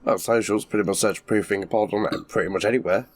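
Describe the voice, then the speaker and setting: Laid-back middle-aged podcast co-host with a lowish voice. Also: male voice, steady tone, quick pace, no echo. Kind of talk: casual chat. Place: garage.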